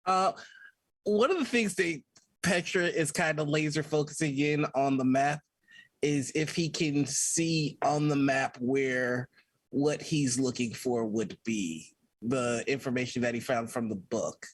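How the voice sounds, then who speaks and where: Male player, husky, dry-sounding, halting. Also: mid-range voice, dry recording. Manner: halting, thoughtful. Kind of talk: tabletop game play.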